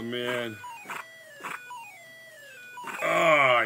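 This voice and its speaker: A man hosting a live gaming stream. He is sick, and his voice sounds higher than usual. He chats casually, cracks jokes, swears a lot, and shouts at the game. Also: animated, moderate pace, pauses often, heavy background noise. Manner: profane, joking, loud outbursts at the game. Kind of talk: casual live-stream chat while playing.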